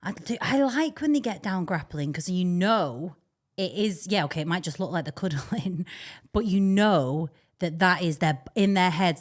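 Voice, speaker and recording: A woman's voice: fairly low pitch, lively intonation, moderate pace. A young woman, co-hosting a podcast in casual, rambling chat and laughing often. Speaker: podcast co-host.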